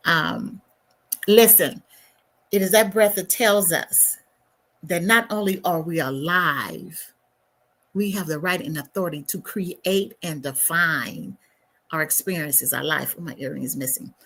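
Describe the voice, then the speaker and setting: A woman's voice: fairly low pitch, unhurried. Chatty woman hosting a livestream. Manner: chatty, warm asides, mutters to herself while fiddling with settings. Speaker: livestream host. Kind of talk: casual livestream talk to viewers.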